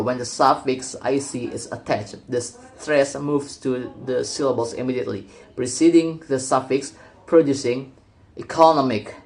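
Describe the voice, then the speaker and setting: Young guy student reading his class presentation off a script, steady, a few restarts here and there. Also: medium pitch. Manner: reads steadily from a script, with occasional restarts and slips.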